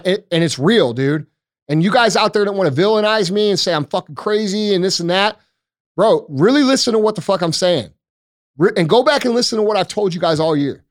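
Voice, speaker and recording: A man hosting a talk show, ranting in an emphatic, profane, frustrated way to the camera. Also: high voice. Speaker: podcast host. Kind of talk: heated casual talk.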